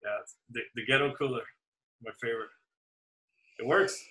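A man's voice: medium pitch, steady tone, moderate pace, sharp tone, poor audio. A man co-hosting a casual podcast over drinks, chatting loosely and laughing as he tells rambling stories. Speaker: podcast co-host.

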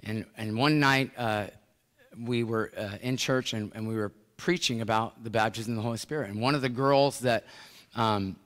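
A middle-aged American pastor preaching a sermon, telling a story with swings from hushed to loud. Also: male voice, on the low side, moderate pace. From United States. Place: large church sanctuary. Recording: long church hall reverb.

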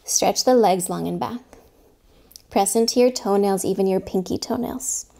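A young woman leads a yoga class with an even, medium voice. She gives calm, step-by-step cues on each pose, and some of her words drop to a soft whisper. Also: mid-range voice, normal speed, vocal fry. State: slightly out of breath. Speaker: yoga teacher. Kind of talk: guided yoga class instruction.

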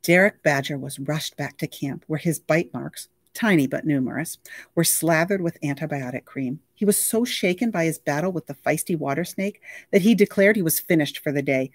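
A library reader reading a novel aloud with lively, expressive storytelling. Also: mid-range voice, moderate pace, no echo, clean studio sound.

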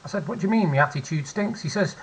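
A man's voice: high voice, animated, quick pace, husky, low-quality recording. A man in his forties with a British accent, telling a candid personal story at home in a chatty vlog, repeating phrases for emphasis. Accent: British English. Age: 40s. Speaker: vlogger. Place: at home, seated.

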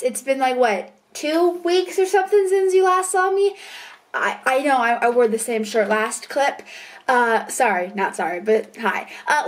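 A young woman vlogging casually about her writing, bubbly and gushing, rambling with fillers and self-deprecating asides. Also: fairly high pitch. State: out of breath. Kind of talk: casual chatty vlog.

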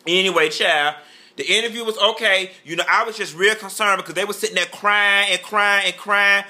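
A man's voice: high-pitched, fairly even intonation, moderate pace, bright, forceful tone. A man giving campy, sassy gossip commentary as a vlogger, drawling and calling the listener "honey" and "child" while throwing playful shade.

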